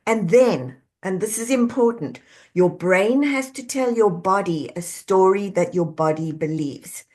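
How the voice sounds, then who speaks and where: A middle-aged woman speaks as a guest on a podcast, a coach telling her stories in an animated way. She slips into the voices of the people she quotes and laughs easily, with her pitch sitting in an ordinary middle range. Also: unhurried. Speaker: executive coach and author, guest. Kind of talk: conversational podcast interview.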